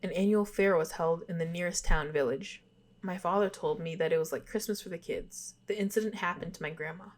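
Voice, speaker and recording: A young woman with a fairly low voice reads eerie tales aloud as a podcast co-host. She slips into casual chat between passages, giggling and apologizing when she trips over a word. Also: brisk. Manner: giggly, apologetic about stumbles while reading. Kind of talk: reading spooky stories aloud, casual chat.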